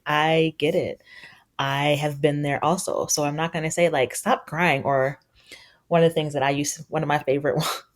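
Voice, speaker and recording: A woman guest on a parenting podcast, earnestly explaining her ideas with examples and quoting what parents and kids say. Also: deep voice. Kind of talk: conversational interview.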